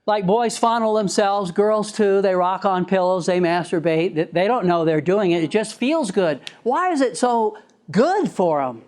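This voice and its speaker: A man giving a live lecture to a class, chatty and quick to laugh, acting out little examples as he goes. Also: high voice, lively intonation, a little mellow.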